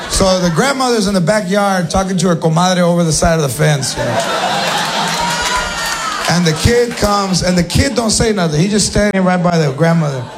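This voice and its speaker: A man's voice: sits high, fairly quick, gravelly, over loud music. A man telling a playful stand-up story about his family. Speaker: stand-up comedian. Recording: live show with loud crowd.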